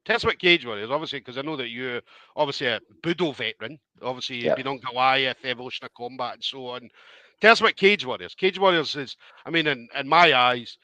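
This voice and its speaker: A man hosts a fight interview in a chatty, loose manner. His voice is bright and forward. It sounds dry and close, with no room around it. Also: mid-range voice, fast, no echo. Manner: chatty, leans on 'obviously' and 'do you know what I mean'. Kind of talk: casual interview chat.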